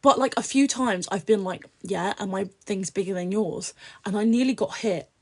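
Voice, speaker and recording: A young British woman, an influencer guest, chatting bluntly and profanely on a podcast, swinging from low mutters to loud outbursts. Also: normal speed. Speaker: social media influencer guest. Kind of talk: casual podcast chat.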